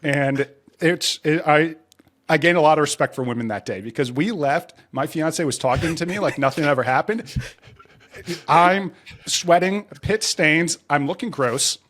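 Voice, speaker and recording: A man guesting on a podcast, telling a self-mocking story in a casual, animated way. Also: on the high side, normal speed.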